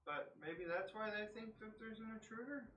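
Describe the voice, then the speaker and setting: Player with a bright voice cussing a lot during a tabletop game, echoey room. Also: medium pitch, lively intonation, normal speed. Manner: blunt, swears a lot. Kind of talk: casual tabletop play. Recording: echoey room from far off, faint noise.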